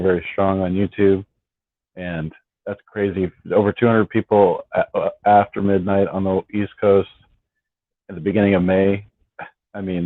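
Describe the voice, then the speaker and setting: A man's voice: sits low, no echo. A man hosting a casual late-night fan live stream, rambling and repeating his words as he talks. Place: at home on the West Coast. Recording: dry, tinny phone-like sound.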